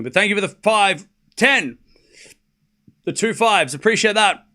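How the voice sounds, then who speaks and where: Young male streamer host, excitable and chatty, bright forceful tone, slightly high voice. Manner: excitable, chatty, talks to the chat. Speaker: streaming tennis commentator. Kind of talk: casual live-stream chat.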